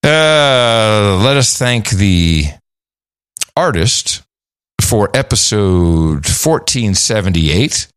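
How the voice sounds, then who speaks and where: A man's voice: lowish voice, expressive, drawn-out words, fairly bright tone, clean tone, dry recording, studio quality. A man co-hosting a podcast, chatting casually and rambling a little with fillers. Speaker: podcast co-host. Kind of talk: casual chat.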